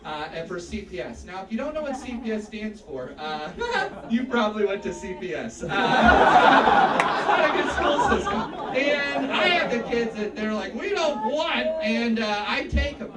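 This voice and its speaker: A man doing a stand-up comedy set on a club stage, animated and acting out the people in his stories. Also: sits high, moderate pace, a loud crowd. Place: comedy club stage before a live audience. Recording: echoey club room, distant mic, audience laughter.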